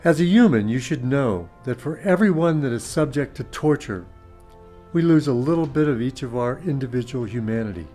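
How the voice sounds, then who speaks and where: A man's voice: mid-range voice, darkish tone. Man narrating a grave documentary. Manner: grave, urgent warnings. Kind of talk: scripted narration.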